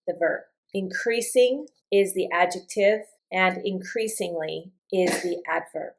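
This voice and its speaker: A woman teaching an English vocabulary lesson, explaining words patiently and clearly with slow, deliberate examples. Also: on the low side, rough recording.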